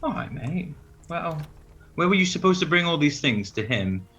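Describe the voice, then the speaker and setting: A man's voice: a little high, big pitch swings, normal speed, sharp tone, faint music behind. A man playing a coaxing, charming bard. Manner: coaxing, calls people mate.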